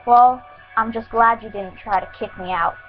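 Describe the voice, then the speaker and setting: A polite young woman brimming with eager questions, as a woman reading a story puts her on. Her voice sits fairly high, and the recording is muffled, with faint music underneath. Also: normal speed, lightly acted. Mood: curious. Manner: asks many eager questions.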